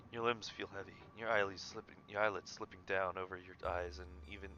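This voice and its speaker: A young man streaming a story game, reading its text aloud and breaking into excited outbursts. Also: low voice, fairly quick. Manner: excitable, jumps between flat reading and loud outbursts. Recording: dull lo-fi mic with faint noise.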